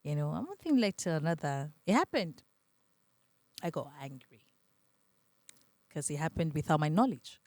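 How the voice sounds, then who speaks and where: A woman's voice: low voice, moderate pace, pauses often, dry recording. A young adult woman with a Nigerian accent, a podcast guest telling her story in casual conversation and acting out the voices she quotes. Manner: animated, acts out quoted voices, laughs often.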